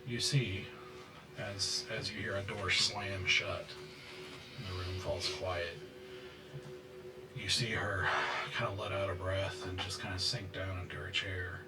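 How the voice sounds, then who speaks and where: A man narrating a scene as game master, halting and full of fillers. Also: a bass voice, distant mic, over music, poor audio.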